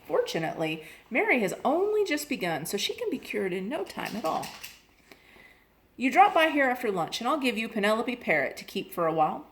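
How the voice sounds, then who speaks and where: A woman voicing a kindly older woman who calmly reassures a worried mother in a storybook reading. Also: a little high, brisk, voice pushed up. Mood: reassuring. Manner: reassuring, matter-of-fact.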